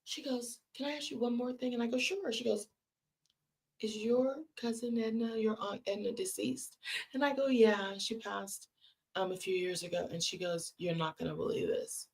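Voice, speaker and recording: A woman's voice: a little high, normal speed, gravelly. A woman hosting a live stream from California, telling a long personal story to her viewers and acting out the people in it. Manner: animated storyteller acting out quoted voices. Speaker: host.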